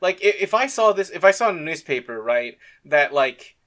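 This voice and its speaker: A man's voice: a little high, sing-song, normal speed, a bit bright. A man co-hosting a casual review chat, laid-back, laughing often and swearing freely. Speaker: podcast co-host.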